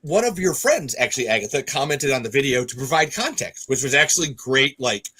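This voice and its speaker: A man hosting a casual podcast chat, excitable and sweary, his voice jumping up when he gets riled. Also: mid-range voice, brisk, slightly rough. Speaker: podcast host.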